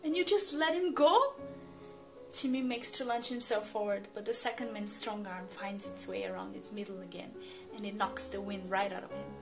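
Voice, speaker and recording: A woman's voice: medium pitch, little pitch movement, brisk, creaky. A woman reading fan fiction aloud, narrating expressively with emotion. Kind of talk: dramatic story reading. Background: soft music.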